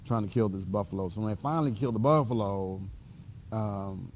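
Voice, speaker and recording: Relaxed, low-voiced male math teacher. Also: brisk, a little hiss or hum. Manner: rambling storyteller, frequent restarts and fillers. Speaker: math instructor. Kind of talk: classroom lecture.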